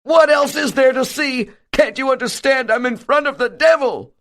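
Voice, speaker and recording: A man voicing a terrified preacher who believes he faces the devil, wailing in a shrill, panicked voice. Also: normal speed, fairly bright tone. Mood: loathing. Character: terrified old-time preacher man facing a demon.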